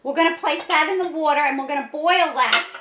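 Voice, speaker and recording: A woman's voice: high voice, brisk, background noise. A woman hosting a home cooking video, talking in a chatty, cheerful way and laughing often as she cooks. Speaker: cooking vlog host. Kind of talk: casual cooking demonstration. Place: home kitchen. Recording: roomy kitchen sound from a distant mic.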